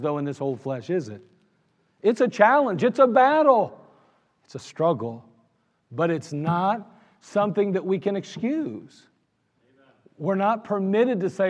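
High-voiced preacher in an echoing church. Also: male voice. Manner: earnest, emphatic, repeats phrases for stress. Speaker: pastor. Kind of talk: sermon. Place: church sanctuary. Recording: reverberant church sanctuary.

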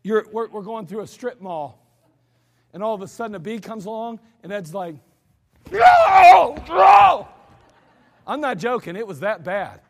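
American pastor, man; high pitch, conversational sermon with animated quotes, long church reverb. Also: normal speed, slight background noise. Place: church sanctuary.

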